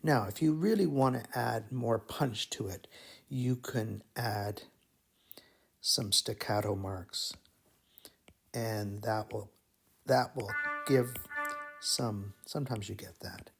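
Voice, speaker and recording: A man teaching melody writing in a slow, musing, think-aloud way, humming phrases as he explains. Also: lowish voice, creaky, over loud music. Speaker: music teacher. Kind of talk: thinking-aloud composition tutorial.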